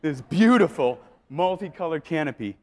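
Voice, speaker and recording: Male keynote speaker, fairly high voice, animated live storytelling. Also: normal speed. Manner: animated, acts out scenes and voices. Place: live event before an audience.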